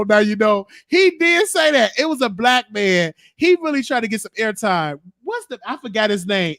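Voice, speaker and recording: A man's voice: sits high, a bit bright, no echo, studio quality. A man hosting his own show, chatting casually and rambling bluntly between topics, cussing freely. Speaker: show host. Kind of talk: casual livestream chat.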